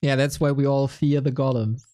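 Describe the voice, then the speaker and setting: A woman's voice: rumbling low, steady tone, normal speed, dark tone. A woman casting a game stream, chatting casually in a laid-back, self-mocking way and laughing often. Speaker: esports caster.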